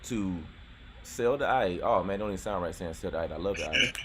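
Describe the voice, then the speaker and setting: A man's voice: sits low, fast, noisy background. A man in his thirties hosting a casual podcast chat outdoors, talking in a laid-back way with lots of fillers and restarts. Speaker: YouTube host.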